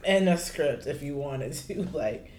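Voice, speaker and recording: A woman co-hosting a podcast in casual chat, reacting with quick questions, laughs and apologies. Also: deep voice, expressive, a little mellow. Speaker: podcast co-host.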